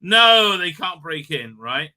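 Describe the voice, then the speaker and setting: A man with a piercingly bright, tense voice sitting a little high for a man, rambling through a live recap stream. He stacks up fillers and swears casually as he goes. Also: sing-song, slow.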